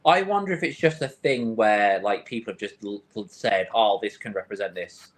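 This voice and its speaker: Speaking at a moderate pace in a lowish register, this podcast co-host chats casually about film. He rambles through stories, restarts himself, and quotes how he reacted.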